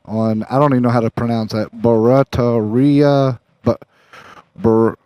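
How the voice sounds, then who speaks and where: This man vlogs from his motorcycle, joking and rambling off topic as he rides. His mid-range voice is warm and clean, with fairly even intonation and a measured pace; there's no echo, but the audio is poor, with engine, road, and traffic noise.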